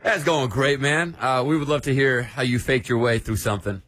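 A man's voice: mid-range voice, fairly quick, fairly bright tone. A male radio host introducing callers with jokey, upbeat banter.

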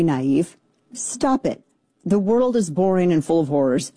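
A show host giving casual commentary in an animated, sarcastic way, full of playful asides. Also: medium pitch, unhurried, no echo.

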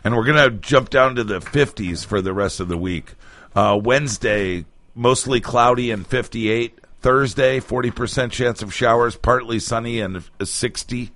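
Bright-voiced man reading the weather. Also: mid-range voice, moderate pace. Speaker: radio host. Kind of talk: casual chat and weather reading.

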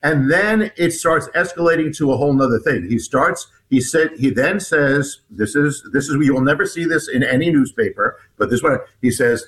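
A man, an author appearing as a guest, recounting a personal story in an interview, halting with frequent restarts and repeated words. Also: mid-range voice, a bit bright, poor audio.

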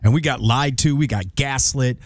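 A man's voice: medium pitch, moderate pace, no echo. A man co-hosting a radio morning show, joking and ranting in casual on-air banter from the studio. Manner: animated, jokey ranting. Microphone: studio microphone.

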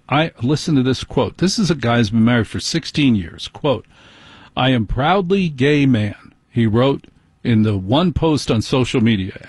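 Man, talk radio host, ranting, sarcastic, husky voice, dry close sound. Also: medium pitch, no room sound. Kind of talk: opinionated talk radio monologue.

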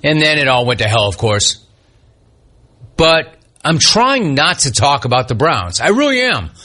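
A man's voice: medium pitch, wildly swooping pitch, a little slow, pushed and bright. A man hosting a sports talk radio show, delivering his opinions in an emphatic, punchy way from a studio.

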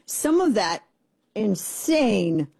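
A woman's voice: mid-range voice, sing-song, drawn-out words, creaky, mellow, slightly rough. A woman hosting a talk radio show, giving sarcastic, mocking opinion commentary from a studio.

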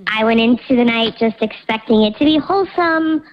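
A woman's voice: on the high side, brisk, muffled recording. A woman calling into a radio show and confessing hesitantly, her voice run through a voice changer. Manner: hesitant, embarrassed, then chatty. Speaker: anonymous caller. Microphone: phone.

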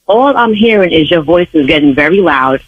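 A woman's voice: deep voice, animated, fairly quick, highs cut off, a little hiss or hum. A woman, a church sign language interpreter, arguing stern and indignant over the phone. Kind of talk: heated phone argument. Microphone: phone line.

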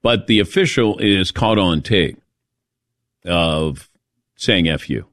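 A man's voice: low voice, slow pace, dry recording, clean studio sound. A man hosting a sports talk radio show, taking calls and giving opinionated takes. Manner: opinionated, lively.

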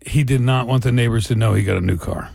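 A man's voice: mid-range voice, fast, gravelly, a little mellow, breathy edge, no room sound, studio quality. A man hosting a casual chat, playful and joking as he swaps stories. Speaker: host.

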